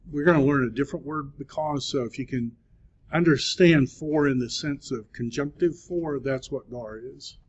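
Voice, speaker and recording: A man teaches biblical Greek to a class at an unhurried, deliberate pace. He talks patiently and encouragingly, pausing often. The classroom recording sounds muffled and lo-fi. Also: on the high side, a little mellow. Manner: slow, patient, encouraging, with many "uh" pauses. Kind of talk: classroom lecture.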